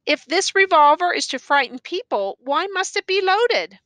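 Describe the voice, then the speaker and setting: A woman reading the part of a grave male judge who questions the accused in a stern, measured way. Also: extremely high pitch, expressive, bright, forceful tone, no echo, voice pushed up, full character voice.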